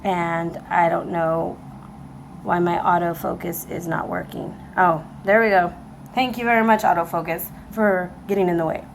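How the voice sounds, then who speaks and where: A woman giving a casual tarot reading to camera, excitable and emotional, talking straight to her viewers. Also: on the low side, normal speed, vocal fry, slight background noise, low-quality recording. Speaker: tarot reader. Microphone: camera mic.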